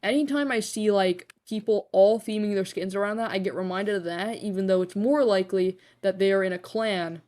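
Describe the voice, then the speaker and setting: A young woman talks off the cuff while playing a game on a live stream, her voice at an ordinary middle pitch with a darkish tone. She speaks fairly quickly with hardly any pauses, rambling through filler-heavy sentences, swearing casually, and joking at her own expense.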